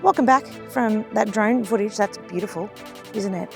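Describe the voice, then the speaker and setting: Husky-voiced Australian woman vlogging, sick. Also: mid-range voice, over loud music. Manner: chatty and upbeat, quick asides. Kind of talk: casual vlog talk to camera. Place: outdoors at a lakeside campsite.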